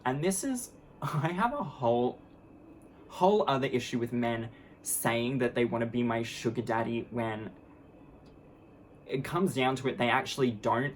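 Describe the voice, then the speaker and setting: A woman's voice: very deep voice, slight background noise. A woman vlogger ranting to camera in a casual monologue, blunt and profane, with sarcastic, mockingly sweet asides.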